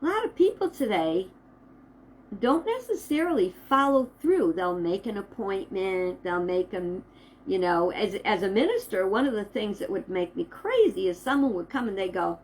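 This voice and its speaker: A woman minister giving an inspirational talk to camera, slow and deliberate, with emphatic pauses. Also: mid-range voice, a little mellow, low-quality recording.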